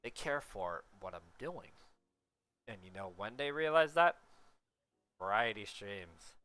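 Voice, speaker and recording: A man's voice: fairly low pitch, lively intonation, slow, sharp tone. A man talking in a casual, rambling monologue, often tagging his points with a rhetorical "right?" and sometimes swearing.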